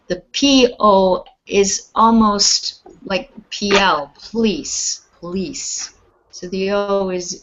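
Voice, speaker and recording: A woman teaching English pronunciation online, patiently repeating words slowly and clearly for her students. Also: lowish voice, fairly bright tone, highs cut off.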